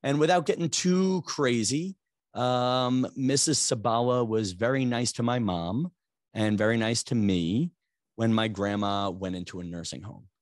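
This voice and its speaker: A man's voice: mid-range voice, unhurried, no echo, clean studio sound. Rambling self-mocking male podcast host. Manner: rambling and self-mocking, rising to exasperated outbursts. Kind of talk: comic storytelling monologue.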